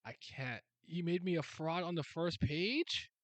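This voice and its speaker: A man hosts a casual reaction to a new manga chapter, addressing viewers directly in loose slang, getting excited and reading passages aloud. He holds a handheld mic on a swing arm close to his mouth, and his voice is fairly high, a little slow, recorded dry.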